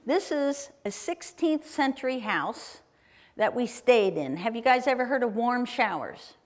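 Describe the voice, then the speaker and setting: Slow, chatty woman in a big hall. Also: on the high side, animated. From Ohio, USA. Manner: chatty, enthusiastic, addresses the audience with questions. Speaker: guest speaker. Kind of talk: live travel presentation with slides. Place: performing arts center auditorium. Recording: long reverb of a large hall. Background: live audience in a hall.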